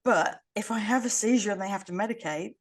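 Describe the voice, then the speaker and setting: A woman's voice: medium pitch, brisk. A woman co-hosting a podcast, chatting casually in a wry, rambling way and laughing often. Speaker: podcast co-host. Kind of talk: casual chat.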